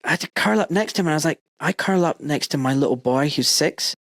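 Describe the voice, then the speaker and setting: A man's voice: on the high side, animated, quick pace, fairly bright tone, no room sound, studio quality. Man in his forties telling an emotional story. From United Kingdom. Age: 40s. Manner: emotional storytelling, acts out his own quotes. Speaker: podcast host. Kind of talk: casual chat.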